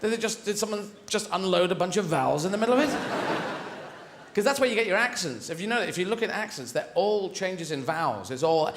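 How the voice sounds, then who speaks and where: Animated man doing stand-up. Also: high voice, a little fast, a little hiss or hum. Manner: rambling, digressive, self-correcting. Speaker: stand-up comedian. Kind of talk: stand-up comedy routine. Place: large theatre stage. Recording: echoey theatre with audience laughter.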